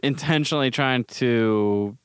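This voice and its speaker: A young man in relaxed podcast chat, halting and full of fillers. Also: medium pitch, clear, resonant tone, no echo, clean studio sound. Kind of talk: casual chat.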